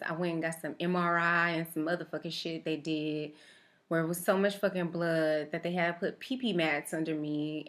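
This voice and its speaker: A woman vlogger with a slightly low voice, telling a story casually and fast. She jokes often and swears freely. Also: fairly bright tone. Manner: profane, joking, fast-talking.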